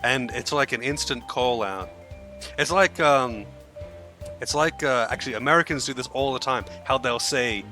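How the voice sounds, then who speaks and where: A young man with an Australian accent, talking through his game in a loose, rambling way and swearing freely. His voice has a bright, forward edge, with faint game music underneath. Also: medium pitch, moderate pace. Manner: chatty, rambling, swears casually. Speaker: streamer. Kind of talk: casual gameplay commentary.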